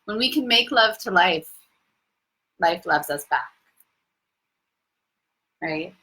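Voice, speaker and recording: A woman's voice: lowish voice, animated, takes it slowly, bright, forceful tone, slightly rough, low-quality recording. A young adult woman hosting a live Q&A as a coach, talking in an effusive, spiritual way and laughing easily. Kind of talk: casual live-stream talk.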